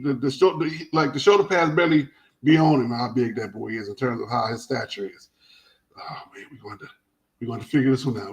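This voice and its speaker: A man hosting a casual sports talk show, telling stories in a rambling, animated way with many restarts. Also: medium pitch, low-quality recording.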